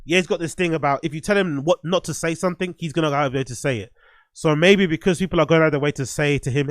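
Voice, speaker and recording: A man's voice: a little high, fast talker, no room sound, studio quality. A man giving casual, profane livestream commentary as the host, blunt and rambling. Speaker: streamer host reviewing music.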